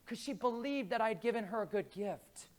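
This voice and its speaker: A man giving a lively, jokey faith talk at a conference, speaking to a live audience and telling stories. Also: high voice, moderate pace. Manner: lively, jokey, acts out quoted voices. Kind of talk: animated faith talk with storytelling.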